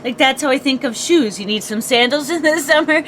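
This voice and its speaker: A woman's voice: sits high, a little fast, a bit bright, a little hiss or hum. A woman co-hosting a casual morning podcast, chatty, laughing often and asking rhetorical questions. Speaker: podcast co-host.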